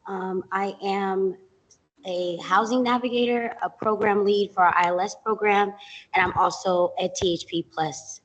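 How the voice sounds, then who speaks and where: A woman's voice: mid-range voice, steady tone, unhurried. A woman social worker gives a matter-of-fact introduction at a meeting. Her voice sits in a middle range, and the audio is muffled.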